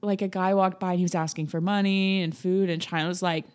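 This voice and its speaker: A young woman with a slightly low voice hosts a relaxed podcast chat. She rambles through anecdotes, giggling often and slipping into playful voices for the people she quotes. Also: quick pace. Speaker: podcast host. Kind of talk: casual chat.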